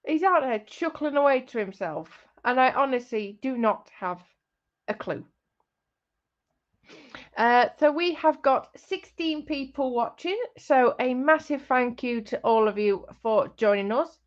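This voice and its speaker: A woman with a high, animated, unhurried voice hosts a relaxed crafting livestream. She teases her partner, reads chat comments aloud, chatters away and keeps breaking into laughter, all over dull lo-fi stream audio.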